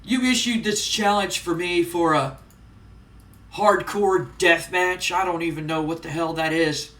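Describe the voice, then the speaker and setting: A man's voice: high-pitched, fairly even intonation, a little slow, fairly bright tone, distant mic. A man voicing an arrogant male pro wrestler who cuts a contemptuous, insulting promo. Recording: roomy, off-mic.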